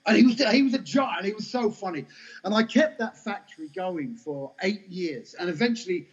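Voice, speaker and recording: A middle-aged man, telling lively, self-mocking stories as an interview guest. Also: high voice, moderate pace. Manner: animated, anecdotal, self-mocking. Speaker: guest actor. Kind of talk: casual storytelling interview. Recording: dull lo-fi podcast audio.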